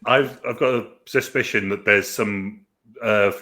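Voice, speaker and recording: A man's voice: on the low side, fairly even intonation, measured pace, pushed and bright. A man co-hosting a casual movie review chat, dry and casually swearing.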